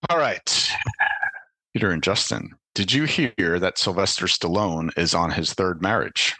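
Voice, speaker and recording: A man's voice: low voice, measured pace, bright, forceful tone, no room sound. A man who is a guest on a podcast, chatting casually and telling dad jokes that he laughs at himself. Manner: tells dad jokes with quoted voices, laughs at his own jokes.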